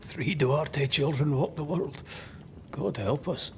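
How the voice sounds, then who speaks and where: A blunt wry ghost hunter. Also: male voice, fairly high pitch, slow, darkish tone, a little hiss or hum. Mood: dry. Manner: blunt, dry. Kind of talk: game dialogue.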